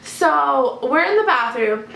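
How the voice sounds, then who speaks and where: A woman's voice: sits high, expressive, slow pace, creaky, a bit bright. A young woman telling a casual storytime to her camera, rambling with lots of "like" fillers. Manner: chatty, rambling, many "like" fillers. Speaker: vlogger. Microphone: camera mic. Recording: echoey room, faint background noise.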